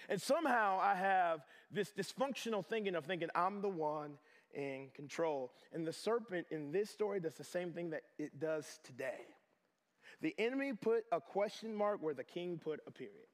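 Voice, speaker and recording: A man preaching a sermon as a pastor, animated and joking, acting out little voices as he goes. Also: high voice. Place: chapel.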